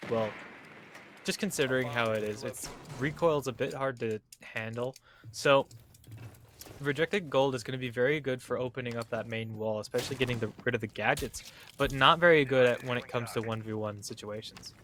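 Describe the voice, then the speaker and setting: Tired male co-caster, chatty analysis, mid pitch, slight background hiss. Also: moderate pace, fairly bright tone. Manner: chatty, laughs easily, apologetic. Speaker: esports co-caster. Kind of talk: colour commentary.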